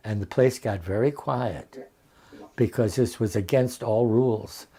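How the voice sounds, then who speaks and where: Elderly male raconteur in his eighties, lively and chuckling, on a video call from home. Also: medium pitch, measured pace, breathy edge. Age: 80s. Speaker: interview guest, veteran actor. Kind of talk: anecdotal storytelling.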